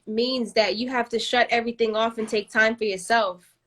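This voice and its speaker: A woman with a somewhat high voice talks passionately in a casual podcast chat. She rambles and often restarts her sentences as she works through her ideas. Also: steady tone, normal speed, fairly bright tone. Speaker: podcast host.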